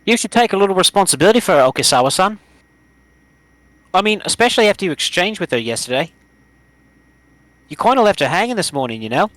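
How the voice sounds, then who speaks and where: A man's voice: very animated, quick pace, pauses often, fairly bright tone, no echo. A man voicing a cheerful, teasing teenage girl who leads a school club, reading game dialogue aloud in a raised, chirpy voice. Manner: pitched up high, chirpy and teasing.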